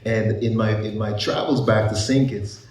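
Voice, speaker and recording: Low-voiced man speaking at an echoey panel. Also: fairly even intonation, moderate pace, darkish tone, distant mic. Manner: conversational, asks rhetorical questions, frequent "you know". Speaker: psychiatrist panelist. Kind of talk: panel presentation to a live audience. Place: large echoey event room. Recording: echoey hall, voice off-mic.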